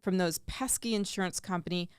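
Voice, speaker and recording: A woman's voice: on the low side, fairly quick, clean tone, no room sound. A woman co-hosting a radio show, reading listener letters aloud in an upbeat, amused way into a studio microphone. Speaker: radio co-host.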